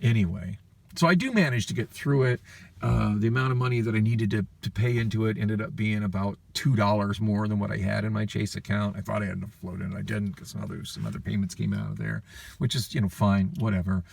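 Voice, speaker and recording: Fed-up guy ranting on his phone vlog, raspy and a little far from the mic. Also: on the low side, fairly even intonation, fast. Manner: frustrated, profane, weary venting. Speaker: vlogger. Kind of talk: rambling personal vlog story.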